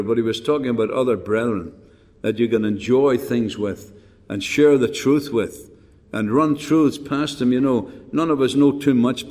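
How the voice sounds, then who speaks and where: A man's voice: medium pitch, darkish tone. An older man preaching a folksy, rambling sermon with rhetorical questions and frequent restarts. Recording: long hall reverb.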